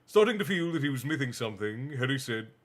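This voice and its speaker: A man reading a bedtime story aloud on a stream and chatting with viewers in a relaxed, chatty manner. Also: mid-range voice, quick pace. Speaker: stream host and reader. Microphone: streaming mic.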